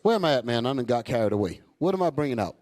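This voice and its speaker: A man preaching a fiery, profane sermon to his congregation, calling out to them as he goes. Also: racing. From United States. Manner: loud, animated, swings high and low, profane, asks crowd "y'all all right?".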